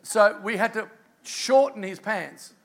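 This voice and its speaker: Here a middle-aged Australian man, serving as pastor, gives a sermon built around a personal story told with energy and hushed asides. His voice sits high and his delivery is slow.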